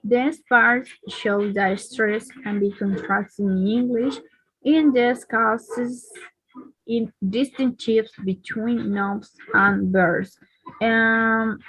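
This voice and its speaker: A woman's voice: fairly high pitch, a bit bright, slightly rough, no echo, poor audio. A woman whose first language is Spanish, reading a class presentation with hesitations and fillers. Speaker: student presenter.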